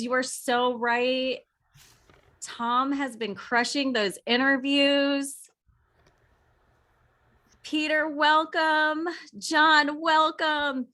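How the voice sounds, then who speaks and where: A woman hosting a video call, warmly greeting attendees by name in a bubbly way. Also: sits high. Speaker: webinar host. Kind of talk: welcoming a video call audience.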